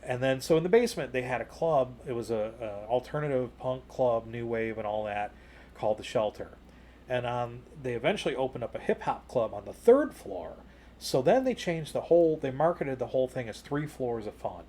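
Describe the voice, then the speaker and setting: A man co-hosting a podcast, telling a long personal story in casual chat, full of "you know" and "like", rising higher and louder at the exciting parts. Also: moderate pace, slight background noise. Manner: jumps higher and louder when retelling excited moments. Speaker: podcast co-host.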